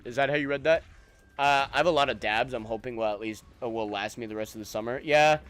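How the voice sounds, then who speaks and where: A man's voice: medium pitch, animated, brisk, a bit bright, faint music behind. A young man streaming a game, chatting loosely with friends and chat in profane, rambling banter. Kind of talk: casual gaming stream chat.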